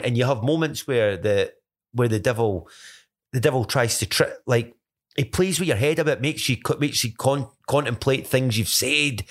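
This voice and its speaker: Scottish man, podcast co-host, loose rambling testimony, mid pitch, stumbles and restarts often. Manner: rambling, many restarts and self-corrections. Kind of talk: casual faith testimony chat.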